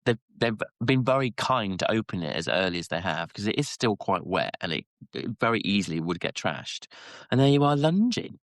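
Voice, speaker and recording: A man co-hosting a casual podcast chat, telling stories with halting restarts. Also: no echo, studio quality. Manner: rambling storyteller, halting restarts, squeaky quoted voices. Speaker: podcast co-host.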